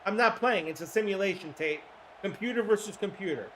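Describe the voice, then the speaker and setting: A man with a hoarse throat hosting a livestream, giving casual play-by-play commentary in an excitable, chatty way with casual swearing. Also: sits high, fairly quick, slight background noise. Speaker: livestream host.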